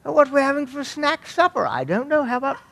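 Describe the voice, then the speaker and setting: A man's voice: very high-pitched, sing-song, fast talker, gravelly, fairly bright tone, pitched above the performer's own voice, heavily acted. A man putting on a mock British voice as church youth group teens chatting about snacks. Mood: prissy. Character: teen church kids in mock posh British.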